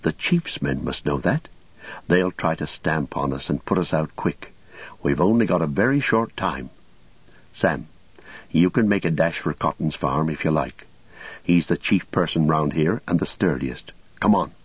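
Man reading as a commanding young hobbit, urgent, low husky voice, dull lo-fi. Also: measured pace, dry recording, heavily acted. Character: resolute young male hobbit leader, urgent. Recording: dull lo-fi recording.

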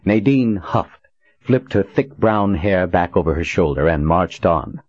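A man narrating an audiobook in a steady, even reading. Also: low-pitched, unhurried, slightly rough, dry recording. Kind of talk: scripted narration. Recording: dull dry recording.

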